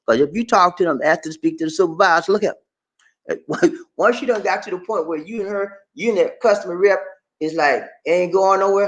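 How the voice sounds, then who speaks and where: A man giving casual money advice in an animated way, laughing often and acting out phone calls. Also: high-pitched, moderate pace, echoey room, low-quality recording. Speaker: personal finance vlogger.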